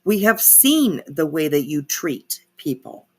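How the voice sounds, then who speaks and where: A woman's voice: low-pitched, sing-song, slow. A woman hosting reaction commentary, sarcastic and opinionated. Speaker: commentary channel host.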